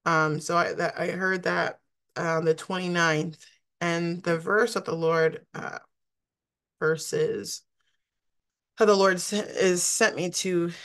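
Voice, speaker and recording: A woman minister giving a prophetic word in a slow, solemn proclamation, then explaining scripture in a loose, chatty way with frequent restarts. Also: lowish voice, fairly bright tone. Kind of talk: prophetic word and Bible teaching.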